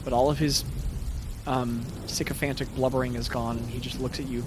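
A man's voice: mid-range voice, little pitch movement, a little fast, noisy background. A man narrating a tabletop role-playing game as game master, in a loose, chatty way full of fillers.

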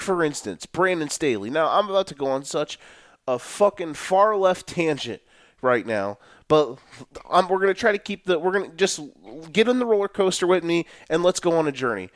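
A young man hosting a solo football talk show, ranting in an animated, profane way about coaches. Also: fairly high pitch, moderate pace, no echo, clean studio sound. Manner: animated, profane, mocking coaches in a put-on boastful voice. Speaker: sports podcast host.

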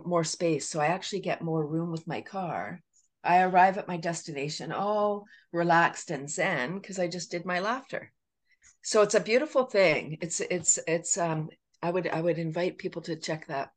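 A woman with a Canadian accent, a laughter coach chatting as a guest, animated and laughing often as she acts out little voices. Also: on the low side, normal speed. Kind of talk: casual podcast interview.

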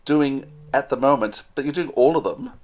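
A male host with a mid-pitched voice runs a relaxed interview. He moves between questions briskly and adds small teasing remarks, keeping the chat easy. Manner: friendly, quick questions with light quips.

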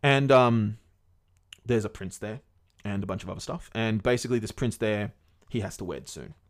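A man's voice: fairly low pitch, normal speed. A man casually retelling a fairy tale to his podcast co-host, rambling and swearing along the way. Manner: rambling, swears often, many fillers.

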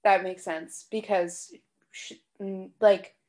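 A woman's voice: mid-range voice, fairly even intonation, slow pace, a little mellow. A woman guest on a podcast, chatting casually and explaining things in a knowledgeable way. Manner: knowledgeable, explains at length with little laughs. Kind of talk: casual chat.

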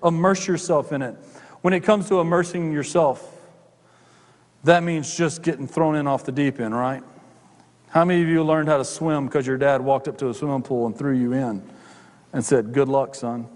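A man's voice: medium pitch, steady tone, normal speed, darkish tone. A middle-aged male pastor preaching a sermon, conversational, with joking asides to the congregation. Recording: long hall reverb.

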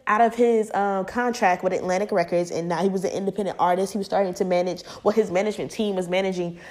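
A young woman from the United States vlogging, giving casual and profane celebrity commentary and acting out the voices she quotes. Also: quick pace. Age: young adult. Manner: animated, profane, acts out quoted voices high and loud.

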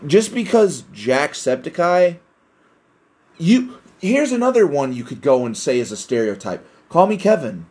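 A man's voice: on the high side, very animated, measured pace, a little mellow, husky. A young man hosting a casual solo podcast, rambling and self-deprecating, swearing often. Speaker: podcast host.

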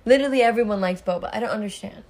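A teenage girl in casual chat with a friend, relaxed and agreeable, with many fillers. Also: mid-range voice, very fast. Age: teens. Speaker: co-host.

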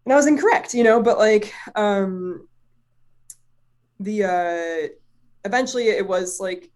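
A chatty woman with a mid-range, slightly mellow voice tells a personal story a little slowly in casual conversation. She rambles, relies on fillers, swears freely, and laughs easily.

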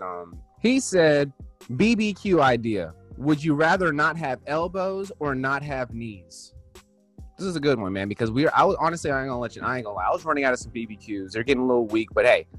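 A relaxed man hosts a podcast in loose, casual talk. His voice sits at an ordinary middle pitch. Soft music plays faintly behind him. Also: racing, few pauses. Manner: laid-back, drops "man" and "you know what I'm saying" often. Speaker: podcast co-host. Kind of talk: casual chat.

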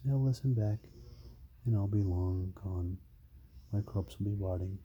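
A man's voice: fairly low pitch, moderate pace, slightly rough, lo-fi sound. A man in his forties chatting casually with his son on a home podcast, cracking dry jokes, recorded on a phone. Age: 40s. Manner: joking, dry wisecracks. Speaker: podcast co-host. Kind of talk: casual chat.

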